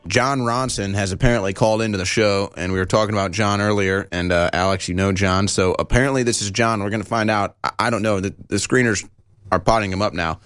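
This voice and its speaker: A man's voice: on the low side, fairly even intonation, quick pace, a bit bright, smooth, no room sound, soft background music. A man co-hosting talk radio in a dry, close sound. He banters loosely and hands off to callers. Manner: joking, introduces callers. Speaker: radio co-host.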